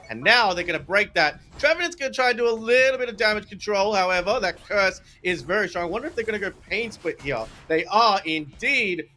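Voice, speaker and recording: A man doing excitable play-by-play commentary for an esports match, calling the action quickly with big swings in his voice. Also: slight background noise. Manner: fast excitable calls with pitch swings.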